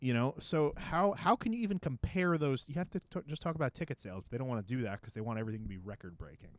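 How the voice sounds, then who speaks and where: A man's voice: medium pitch, very fast, no echo. A man co-hosting a comedy podcast, ranting and arguing his point with swearing. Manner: ranting, argumentative, profane. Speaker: podcast co-host. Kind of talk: casual comedy chat.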